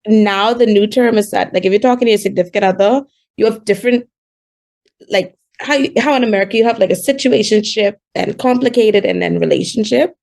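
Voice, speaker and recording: A woman in her twenties from the Bahamas with a Bahamian accent, chatting casually as a call-in guest and telling quick stories with laughs. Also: medium pitch, vocal fry, a little mellow. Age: 20s. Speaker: guest calling in. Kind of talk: casual chat.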